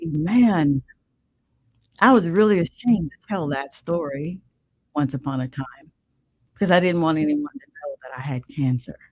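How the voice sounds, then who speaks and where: Husky older woman giving emphatic testimony. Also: low voice, darkish tone, no room sound, poor audio. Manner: emphatic, preacherly, calls listener "man". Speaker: guest, radio show host. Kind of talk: emotional personal testimony.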